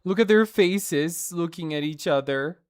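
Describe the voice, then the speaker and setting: A woman's voice: fairly low pitch, a little slow, darkish tone, clear, resonant tone. A woman streamer gushing playfully over fan art in a casual showcase, laughing often.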